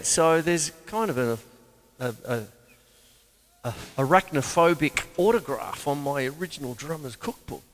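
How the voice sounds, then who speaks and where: Older man, drum teacher, lively pitch, yarns with joking asides; long reverb and loud drums behind him. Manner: chatty and self-mocking, with loud exclamations. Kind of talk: casual spoken drum lesson.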